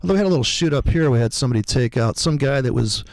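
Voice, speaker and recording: A man's voice: mid-range voice, animated, very fast, darkish tone, dry recording. A man hosting a casual livestream, rambling and profane as he calls the markets. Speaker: host, forex trader.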